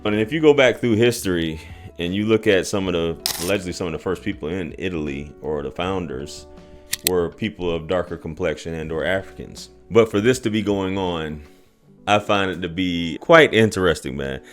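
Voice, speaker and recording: A man with a very deep voice hosts a podcast, musing out loud in a relaxed, conversational way. He throws in little asides as he thinks things through. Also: moderate pace, faint music behind. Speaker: podcast host. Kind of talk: casual commentary.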